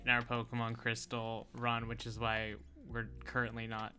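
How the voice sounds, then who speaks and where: A woman's voice: extremely low pitch, completely flat delivery, normal speed, pushed and bright, faint music behind. A woman co-hosting a casual gaming stream, chatting loosely and laughing often while reacting to the game. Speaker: streamer co-host.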